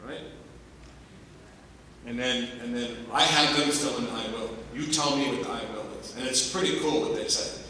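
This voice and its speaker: Older man, motivational speaker, emphatic and energetic, bright voice, distant mic, big echoey hall, faint background noise. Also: medium pitch, normal speed. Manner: energetic, emphatic, rhetorical questions to the audience. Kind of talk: motivational keynote address. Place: large hall at a staff convocation.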